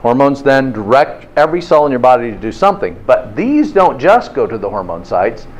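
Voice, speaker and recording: A man's voice: medium pitch, sing-song, a little fast. Chatty male health lecturer. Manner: keeps checking in with "okay?", chatty and informal. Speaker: health instructor. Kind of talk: interactive classroom lecture.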